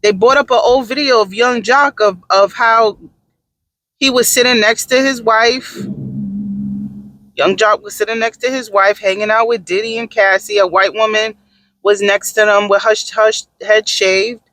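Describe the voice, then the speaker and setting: Sassy dude spilling tea in a vlog, high bright voice, super dry recording. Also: male voice, moderate pace, no echo. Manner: sassy, animated, dramatic asides. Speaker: vlogger. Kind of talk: casual gossip commentary.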